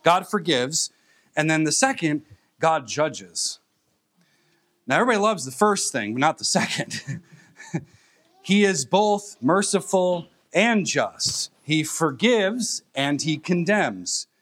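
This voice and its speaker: A man preaching a sermon to his congregation. He speaks emphatically, with pauses and repeated phrases that drive each point home. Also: a little high, sing-song, a bit bright. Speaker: pastor.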